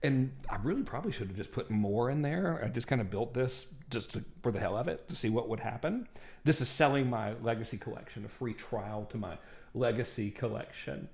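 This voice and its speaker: A man's voice: medium pitch, fairly quick, gravelly, darkish tone. Male marketing instructor, casual screen-share walkthrough, chatty and self-deprecating.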